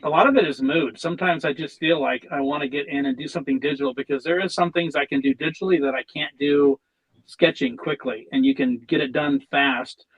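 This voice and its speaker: A man speaking as a guest artist on a casual podcast, telling jokes and talking about his work in a relaxed way with some stumbles and restarts. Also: on the high side, a little fast, lo-fi sound.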